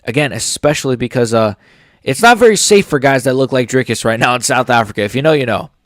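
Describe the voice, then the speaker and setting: A man's voice: medium pitch, lively intonation, fast, fairly bright tone, no room sound, studio quality. A man hosting a casual MMA commentary channel, blunt and opinionated, swearing as he reacts to clips and comments. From United States.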